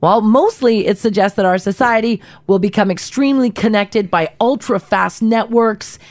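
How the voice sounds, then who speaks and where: A woman's voice: medium pitch, normal speed, dry recording. A woman co-hosting a radio show, reading news items in a friendly, chatty way. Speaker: radio co-host. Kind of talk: casual news chat.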